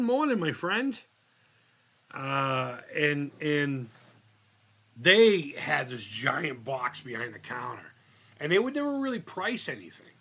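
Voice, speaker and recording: Animated, profane man streaming casually. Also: medium pitch. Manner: animated, swears freely, exclaims in disbelief. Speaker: livestream host reading viewer chat. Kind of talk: casual live-stream chat.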